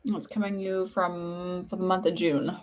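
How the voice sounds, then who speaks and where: A woman talking casually on a livestream as a psychic medium, chatty and warm, with lots of "like" fillers. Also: lowish voice, flat delivery, a little slow. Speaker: psychic medium hosting live readings.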